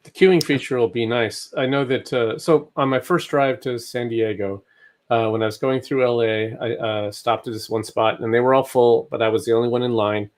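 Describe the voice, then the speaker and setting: A man's voice: mid-range voice, fairly even intonation, moderate pace. Man telling a casual anecdote. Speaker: podcast co-host. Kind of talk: casual storytelling.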